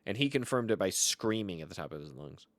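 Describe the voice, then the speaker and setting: Lively, bright-voiced boastful man. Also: low voice, a little fast, no echo. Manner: boastful, theatrical, swings between loud outbursts and mutters. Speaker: card game YouTuber. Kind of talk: comedic gameplay commentary.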